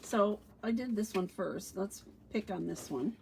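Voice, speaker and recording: A woman's voice: medium pitch, measured pace, vocal fry, a little mellow, a little hiss or hum. A middle-aged woman demonstrating paper crafts on a casual livestream, chatty and thinking aloud, with fillers and a touch of allergy sniffles. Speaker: stamping demonstrator.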